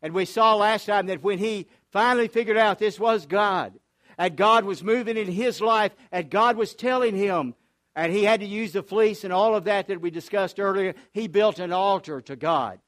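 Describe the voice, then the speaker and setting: A man's voice: high voice, normal speed, fairly bright tone. Older man preaching an earnest sermon. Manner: earnest storytelling preacher with frequent restarts. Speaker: pastor.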